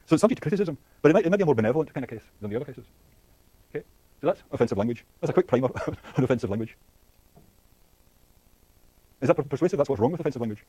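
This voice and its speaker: A man's voice: medium pitch, lively intonation, very fast, pauses often, mellow, no room sound. A man giving a university lecture, thinking aloud with many fillers and restarts and putting questions to the class. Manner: asks the class questions and laughs lightly.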